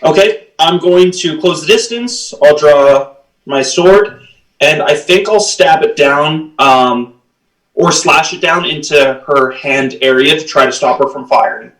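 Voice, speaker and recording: A man's voice: a little high, unhurried, a bit bright, far from the mic. A man playing a tabletop game, off-mic. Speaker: player. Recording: roomy, off-mic.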